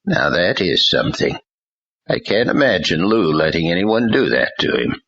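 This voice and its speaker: A blunt, world-weary older pastor, voiced by a man, talking slowly and with force. The voice is very low and bright-edged, slightly husky, on a dull, lo-fi recording. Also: very animated, slight background noise, heavily acted. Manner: slow, faltering, forceful. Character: older ousted male pastor, blunt mentor.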